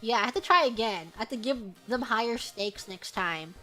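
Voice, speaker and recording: Young woman streamer, high bright voice, giggly and bubbly, reading superchats over faint music. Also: animated, brisk. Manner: bubbly, giggly, sings snatches of songs. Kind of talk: casual livestream chat.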